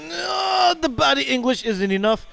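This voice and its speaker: Man, high voice, loud, joking golf commentary. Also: sing-song, moderate pace, creaky. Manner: loud, joking, mixes in Tagalog. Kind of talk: playful live sports commentary.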